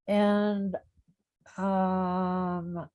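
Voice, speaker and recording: A woman's voice: lowish voice, little pitch movement, very slow, mellow, clear, resonant tone, low-quality recording. A woman on a group video call, giving brief, matter-of-fact answers. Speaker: member of an online business group.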